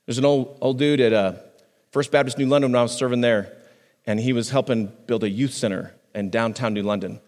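A man, a pastor, preaching a sermon on a microphone in a conversational way, restarting phrases and swinging his pitch up and down for emphasis. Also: steady tone, brisk, a little mellow, big-room sound. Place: church sanctuary.

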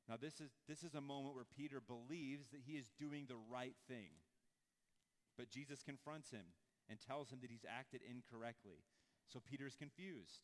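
Man, pastor, sermon, casual asides, mid-pitched voice, long hall reverb. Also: normal speed. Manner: conversational, animated with asides and acted-out quotes.

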